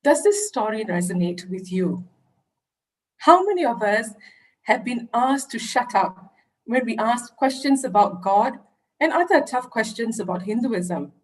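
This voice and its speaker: A woman's voice: a little high, low-quality recording. A woman giving an earnest, explanatory online lecture over a video call. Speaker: religious education presenter.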